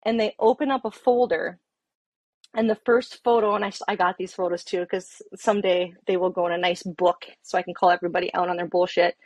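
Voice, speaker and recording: A woman's voice: lowish voice, a little fast. A woman police officer telling a story in casual talk, swearing often and acting out both sides of the conversations. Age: adult with an underage daughter. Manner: profane, animated, acts out both sides of conversations.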